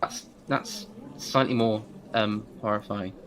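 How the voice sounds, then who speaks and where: Male co-host, bright and forceful tone, playful, punny. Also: lowish voice, fairly even intonation, a little hiss or hum. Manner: playful, quick with wordplay and asides. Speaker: co-host and adviser on a game stream. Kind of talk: casual live-stream chat.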